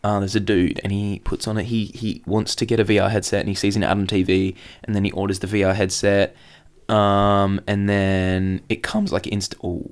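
A man's voice: lowish voice, monotone, brisk. A young man co-hosting a casual podcast, rambling with restarts and laughing often. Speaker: podcast co-host. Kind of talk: casual chat. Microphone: podcast mic.

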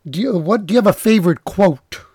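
Male interview host from New York, higher-pitched, warm and encouraging questions. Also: expressive, brisk, slightly rough, no echo, studio quality. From New York, USA. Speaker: podcast host. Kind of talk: interview conversation.

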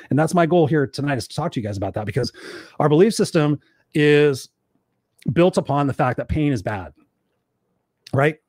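A man's voice: a little high, darkish tone, dry recording, studio quality. A middle-aged man hosting a motivational talk show, speaking emphatically and repeating his key points for viewers. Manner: emphatic, repetitive, acts out quoted voices.

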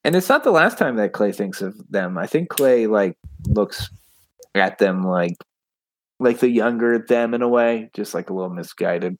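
A man's voice: lowish voice, expressive, normal speed. A young man from West Virginia co-hosting a podcast, casually retelling book scenes with jokes and swearing. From West Virginia, USA. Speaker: podcast co-host.

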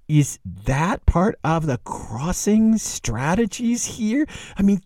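Man, literature lecturer, very dark mellow voice, lively rising and falling pitch, dry close sound. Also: no echo. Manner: animated, rhetorical questions, repeats phrases.

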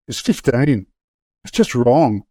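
A man's voice: mid-range voice, lively intonation, takes it slowly, mellow, dry recording. A middle-aged man, an interview guest telling his story frankly and casually, with many hesitations and restarts. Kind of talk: candid conversational storytelling.

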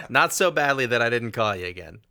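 A man's voice: medium pitch, creaky, bright, forceful tone, no room sound, clean studio sound. A middle-aged man hosting a casual conversation, laughing often and telling a self-deprecating joke. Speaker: podcast host.

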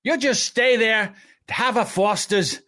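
A bossy Australian official, as a man puts him on, whose voice rides noticeably higher than his own. He hands out orders in a breezy, offhand tone, in a put-on Australian accent, like a comic bit on a podcast. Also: takes it slowly, pushed and bright, exaggerated voice. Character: brash male Australian official mocking parents.

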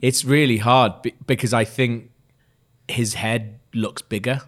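A man, co-hosting a casual film review chat and talking with excitement, often trailing off mid-sentence. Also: mid-range voice, measured pace. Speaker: podcast co-host.

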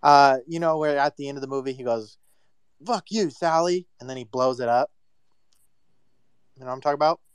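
A man's voice: mid-range voice, level tone, fast talker, pauses often, smooth, no echo. A man in a casual chat, arguing his point in a brash, emphatic rant.

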